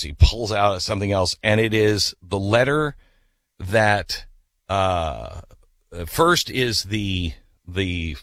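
A radio host man telling an animated story in a chatty way, then reading ads. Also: fairly low pitch, no room sound. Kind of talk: storytelling and ad reads.

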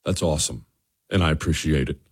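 A man's voice: rumbling low, fairly quick, background noise. A man hosting a talk radio show, giving a fired-up monologue and speaking directly to his listeners.

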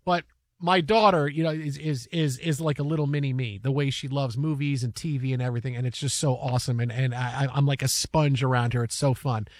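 A man in his fifties chatting casually as a host, excitable, with lots of stammering restarts. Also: mid-range voice, fairly quick, no echo, studio quality. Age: 50s. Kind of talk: casual chat.

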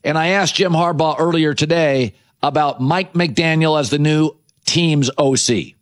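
A somewhat high-pitched man hosting a sports talk show. He talks in an emphatic, conversational way, firing off rhetorical questions and quick asides as he argues his point. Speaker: sports radio host. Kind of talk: opinionated sports talk monologue.

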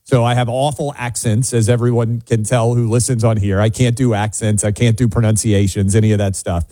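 A male radio talk show co-host from Nashville, bantering in a wry, opinionated way. His voice sounds dark and mellow. The studio recording is dry and close. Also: mid-range voice, level tone, fairly quick, no echo. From Nashville, USA. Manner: wry, opinionated, self-mocking.

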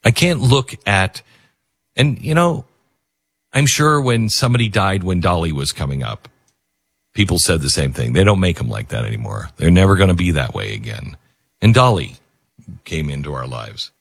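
A man's voice: deep voice, animated, moderate pace, pauses often, slightly rough, dry recording. A man hosting a talk show, speaking emotionally and rambling, with many restarts. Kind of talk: casual talk radio commentary.

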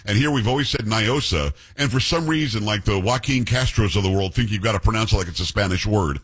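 Man, radio host, husky, fast-talking, animated, blunt storyteller. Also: lowish voice. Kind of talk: casual talk radio banter.

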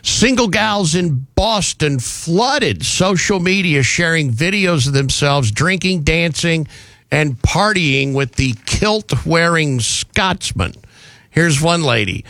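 A man's voice: a little high, animated, takes it slowly, a bit bright, no echo. A man hosting a talk radio show, delivering mocking, sarcastic commentary on a studio microphone.

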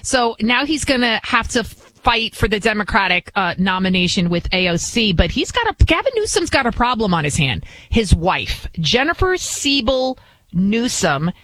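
A middle-aged woman hosting a talk radio show, giving opinionated commentary in an animated, mocking way. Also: medium pitch, a little slow, rough recording. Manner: animated, mocking, acts out quoted voices.

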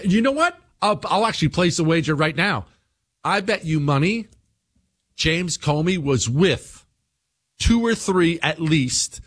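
A middle-aged man hosting a talk radio show, delivering an animated, mocking monologue and reading listener emails. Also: high-pitched. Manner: animated, mocking, slips into sneering put-on voices.

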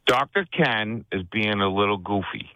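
A man's voice: lowish voice, moderate pace, bright, forceful tone, dry recording, dull audio. A man calling in to a radio show, talking eagerly and effusively. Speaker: caller. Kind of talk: radio call-in.

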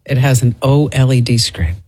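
A woman's voice: very deep voice, moderate pace, a little mellow, slightly rough. A woman hosting a tech radio show, chatting casually and upbeat, laughing often. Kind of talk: casual on-air banter.

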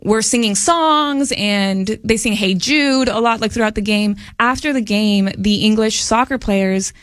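A woman's voice: medium pitch, a little slow, fairly bright tone, no echo. Woman on morning radio chatting away, dry close studio sound. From family from Mexico. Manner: chatty storyteller, lots of "like". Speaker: radio co-host. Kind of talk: casual morning radio chat.

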